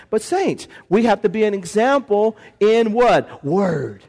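A man pastor preaching a lively sermon in a church, acting out voices and calling for responses from the congregation. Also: sits high, slow, few pauses. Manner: animated preaching, acts out voices, call-and-response.

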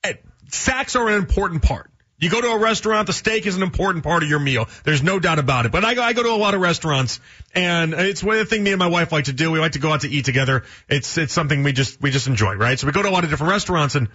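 A man's voice: on the high side, expressive, quick pace, bright, forceful tone, breathy edge. A man hosting a sports talk radio show, rambling through folksy analogies and chatting with callers. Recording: dull lo-fi radio broadcast sound.

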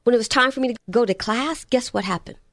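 A woman's voice: on the high side, quick pace, a bit bright, no room sound, clean studio sound. A woman quoting a frustrated college son. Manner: whiny, complaining. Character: frustrated young male college student.

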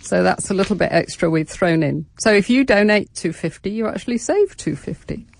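A woman's voice: mid-range voice, lively intonation, a little fast, gravelly, dry recording. A woman speaking as a guest on a radio interview, chatty and encouraging. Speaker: sobriety program founder, guest.

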